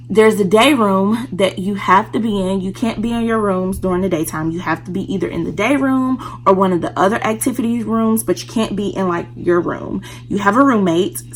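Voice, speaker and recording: A woman's voice: mid-range voice, slight background noise, rough recording. A woman vlogger telling a personal story in a candid, casual way, speaking straight to her viewers.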